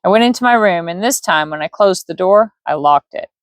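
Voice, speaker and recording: A woman casually reading a fantasy bedtime story aloud, relaxed, with offhand slips and asides. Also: on the low side, fairly quick, no echo, studio quality. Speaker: audiobook reader.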